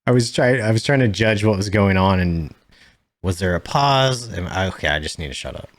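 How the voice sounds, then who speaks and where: A man's voice: on the low side, animated, brisk. A man co-hosting a podcast in casual chat, laughing often and poking fun at himself. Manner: self-deprecating, laughs often. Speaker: podcast co-host.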